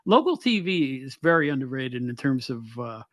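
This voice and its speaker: A man's voice: medium pitch, very animated, moderate pace, a bit bright, no echo, clean studio sound. A man from upstate New York hosting a podcast, chatting nostalgically with frequent laughs. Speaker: podcast host. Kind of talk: casual podcast chat.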